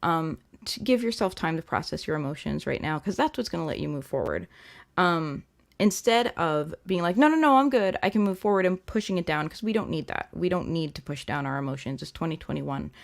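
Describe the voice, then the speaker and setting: Gentle gravelly-voiced woman reading tarot. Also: low voice, brisk. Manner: gentle, chatty, many fillers. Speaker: tarot reader and livestream host. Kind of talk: live-stream tarot reading.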